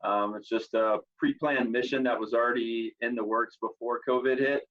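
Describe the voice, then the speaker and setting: A man answering interview questions over a video call, relaxed and rambling with plenty of fillers. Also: medium pitch, moderate pace, dull audio. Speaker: guest athlete. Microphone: computer on a video call.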